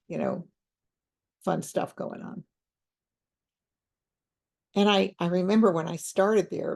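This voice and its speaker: An older woman, a counselor and teacher, tells a story from her practice in a reflective, unhurried way, with conversational fillers. Her voice is fairly low, creaky and darkish.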